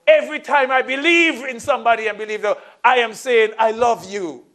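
A middle-aged man preaching from the pulpit, his voice sitting high for a man. He tells his story in a sermon, dropping into soft asides and then rising into emphatic lines. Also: fairly quick, few pauses. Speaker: pastor.

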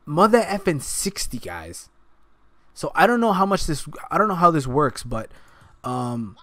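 A man rants angrily at his gaming computer, his voice pitched a little high. He swears often and works himself up as he goes. The sound is dry and close, with no room echo. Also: sing-song, unhurried, bright, forceful tone. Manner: angry ranting, frequent swearing. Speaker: streamer. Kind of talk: heated gameplay commentary. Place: at a gaming computer while streaming.

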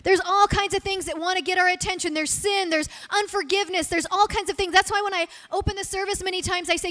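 High-voiced woman pastor preaching. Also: brisk, hardly any pauses, a bit bright. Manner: earnest, acts out heartfelt prayers aloud. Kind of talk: sermon. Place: church service.

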